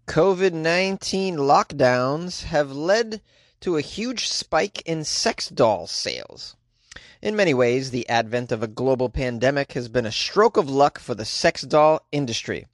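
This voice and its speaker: A man's voice: on the high side, animated, measured pace, dry recording, studio quality. Wry comedian man hosting a news podcast. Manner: wry, jokey asides. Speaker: podcast host.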